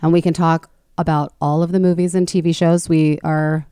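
Husky-voiced woman podcast co-host. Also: low voice, level tone, moderate pace, dark tone, no room sound, clean studio sound. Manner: chatty, laughs often. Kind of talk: casual chat.

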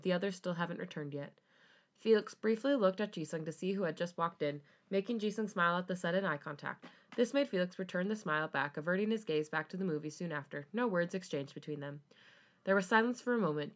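A young woman hosting a podcast, reading fanfiction aloud casually and breaking off for asides to her co-host. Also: fairly low pitch.

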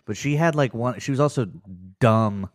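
A man's voice: mid-range voice, moderate pace, no room sound, studio quality. A man co-hosting a comedy podcast, talking in a rambling, self-deprecating way. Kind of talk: casual chat.

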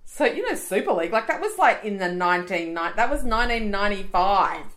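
A woman's voice: medium pitch, fairly quick. A woman, co-hosting a podcast in casual chat and telling stories with acted-out voices. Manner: animated storyteller, acts out voices. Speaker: podcast co-host.

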